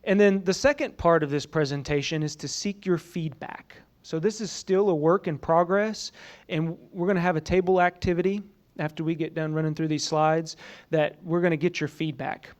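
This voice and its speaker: At a training summit, a man presents conversationally to a room of colleagues, frequently saying "you know" and putting questions to the audience. His voice is a little high and darkish in tone, steady, at a moderate pace.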